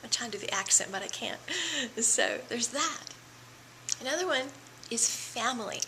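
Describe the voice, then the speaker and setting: A middle-aged woman teaching entrepreneurs in a chatty, animated way, slipping into asides and voiced inner thoughts. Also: fairly high pitch, a little hiss or hum, poor audio. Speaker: business mentor.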